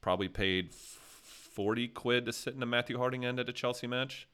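A man's voice: medium pitch, moderate pace, pushed and bright, clean tone. An American man hosting a casual podcast chat, telling rambling, jokey stories. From USA. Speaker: podcast host.

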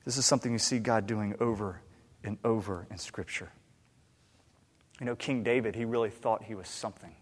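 A pastor preaching a sermon, dramatic and emphatic, dropping to a hush and then rising to loud outbursts. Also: male voice, on the low side, fairly quick, pauses often, husky. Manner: dramatic, swings from hushed to shouting. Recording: long hall reverb.

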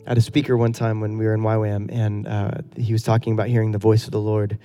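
Middle-aged pastor guy, chatty earnest sermon, lots of questions to the crowd, low-key mellow tone. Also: level tone, fast, faint music behind. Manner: earnest, conversational preaching with rhetorical questions.

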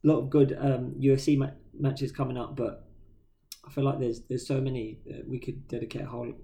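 A man's voice: medium pitch, little pitch movement, fairly quick, vocal fry, dark tone. A man, chatting casually on a podcast, tired and telling stories with slang and acted-out quotes. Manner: laid-back storyteller, slangy, acts out quotes. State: tired, yawning. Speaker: podcast co-host. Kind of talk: casual chat.

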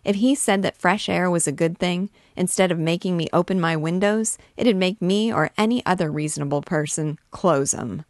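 A woman's voice: lowish voice, normal speed, few pauses, no room sound, clean studio sound, lightly acted. A woman reading the part of an idealistic, cranky young male doctor from a novel, muttering and exasperated.

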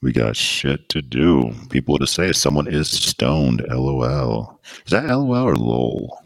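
A man's voice: extremely low pitch, lively intonation, a little slow, creaky, dry recording, studio quality. A man hosting a podcast in a casual chat, rambling and joking as he gets sidetracked. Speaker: podcast host.

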